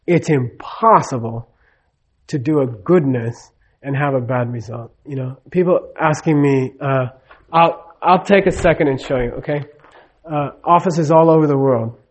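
In dull-sounding audio, a man with a slightly high voice speaks a little slowly as he delivers a live spiritual teaching. He keeps it conversational, frequently checks in with listeners, and performs the dialogue in the stories he tells.

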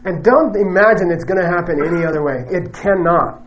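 In a classroom dharma lecture, a man teaches Buddhist philosophy in a high, fairly quick voice, captured on lo-fi audio. He jokes and laughs often and ends his points with "okay?"

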